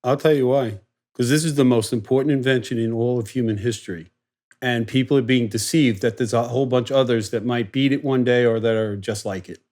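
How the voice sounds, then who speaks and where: Man, mid-pitched, fervent and insistent, podcast guest. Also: fairly even intonation, a little fast. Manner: passionate, insistent, repeats himself louder. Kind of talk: heated casual debate.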